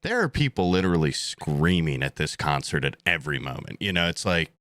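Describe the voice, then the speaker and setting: A man's voice: extremely low pitch, sing-song, fairly quick, fairly bright tone, no echo. A young man co-hosting a podcast, telling a story in a casual, comedic way, acting out quotes and swearing freely. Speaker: podcast co-host.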